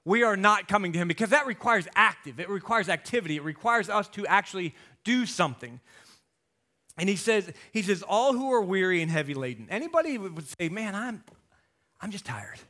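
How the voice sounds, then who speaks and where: A man preaching a sermon as pastor, animated and jokey, getting loud for emphasis. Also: sits high, fairly quick.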